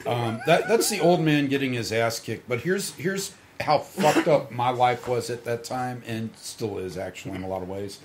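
A man's voice: medium pitch, moderate pace, hardly any pauses, slight background noise. A middle-aged man telling crude, swaggering stories in casual podcast talk, acting out the quotes and laughing along. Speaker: podcast guest storyteller.

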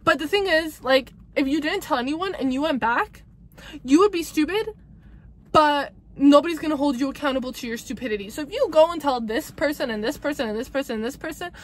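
A woman's voice: high voice, lively intonation, fairly quick. A young adult woman giving breakup advice in a casual monologue, blunt, emphatic and profane, repeating herself for emphasis.

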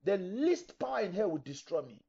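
A middle-aged male pastor delivers a forceful sermon, acting out objections from imagined listeners. His slightly high voice is very animated and brisk, gravelly and dark with a breathy edge. The recording sounds dull and lo-fi.

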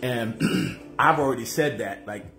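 A man's voice: medium pitch, fairly bright tone. A man hosting a casual cooking livestream from his home kitchen, joking and chatting with viewers. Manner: joking, chatty, playful, drawn-out asides to viewers. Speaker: cooking show host. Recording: echoey kitchen with music behind.

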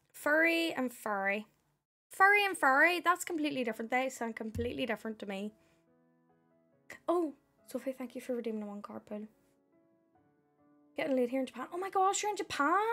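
A woman's voice: a little high, gravelly. A young woman with a Northern Irish accent, chatting casually on a live stream and thanking viewers by name.

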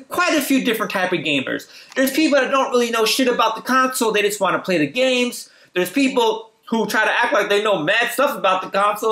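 A young man with a high voice tells a casual storytime anecdote to his viewers, slangy and animated, breaking into laughter. The room around him has a strong echo. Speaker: vlogger.

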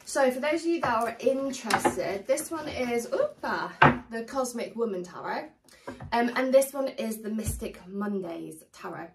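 A woman tarot reader chatting casually to her viewers, a little hoarse as she starts losing her voice. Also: on the high side, a little slow, distant mic, slight background noise, poor audio. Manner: chatty, animated, warmly addresses viewers. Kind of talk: casual tarot reading to camera.

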